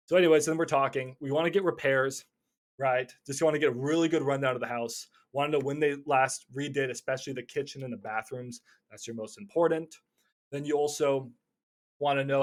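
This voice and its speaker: A young man teaching casually about cold calling, acting out both sides of phone calls in lively voices. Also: medium pitch, fast. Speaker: real estate wholesaling coach.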